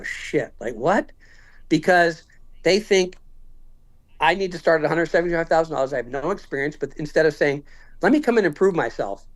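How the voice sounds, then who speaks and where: A man in his fifties telling a story in casual conversation, acting out what each person said. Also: on the high side. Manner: animated, acts out quoted dialogue. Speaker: podcast guest.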